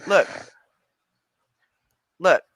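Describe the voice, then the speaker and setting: A woman's voice: drawn-out words, no echo. A woman giving blunt, mocking reaction commentary on a livestream.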